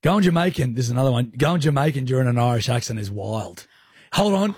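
A man's voice: mid-range voice, lively intonation, quick pace, a little mellow, husky, dry recording, clean studio sound. A man hosting a radio show, teasing his co-host in playful, casual banter. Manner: teasing, playful, laughs often. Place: radio studio.

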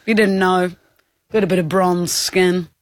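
A man's voice: high voice, fairly even intonation, unhurried, no room sound. Australian man, playful radio banter. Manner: playful, laughing, storytelling. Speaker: radio co-host. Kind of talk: casual on-air banter. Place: radio studio.

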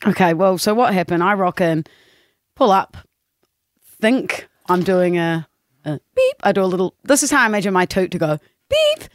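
A woman co-hosting a casual radio show, telling stories animatedly with sudden high-pitched impressions. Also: moderate pace, no echo, studio quality. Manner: animated storyteller, jumps into high voices. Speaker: radio co-host. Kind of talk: casual breakfast radio banter.

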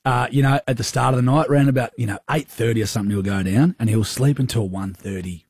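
A man's voice: mid-range voice, fast talker, a little mellow, slightly rough, dry recording, clean studio sound. An Australian man in his thirties co-hosting a radio show, telling a story with a chatty, slangy manner. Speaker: radio co-host. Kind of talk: casual radio banter.

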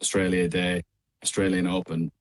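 A young man with a midlands Irish accent, chatting casually as a radio guest over a remote call, easygoing with frequent ums and quick laughs. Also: low-pitched, completely flat delivery. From Ireland. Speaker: guest singer.

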